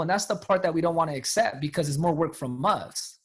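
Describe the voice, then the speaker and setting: Man sales coach, emphatic slangy pep talk, a bit high-pitched. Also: a little fast, husky. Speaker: sales team leader and coach. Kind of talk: motivational talk on a team call.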